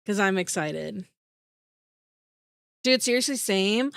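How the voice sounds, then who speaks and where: A woman's voice: medium pitch, lively intonation, measured pace, pauses often, no echo, clean studio sound. A woman streamer chatting casually with her viewers, bubbly and giggly, full of "like" fillers, with an emotional voice that rises into teary squeals.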